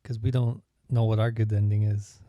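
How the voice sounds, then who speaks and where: Mellow-voiced man chiming in. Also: fairly low pitch, little pitch movement, normal speed, no room sound. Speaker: podcast co-host. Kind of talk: casual chat.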